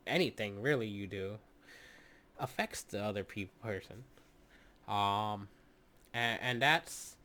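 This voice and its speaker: Guy doing a solo podcast, slow talker, lots of ums and restarts, kinda teaching the listener. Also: medium pitch, a bit bright. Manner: halting, many fillers and restarts; instructive, addresses listener directly. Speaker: podcast host.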